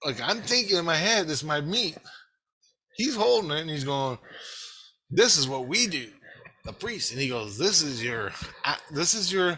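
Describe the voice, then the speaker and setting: A man telling a rambling, profane story in a casual monologue, laughing and animated as he retells it. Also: fairly high pitch, normal speed, breathy edge.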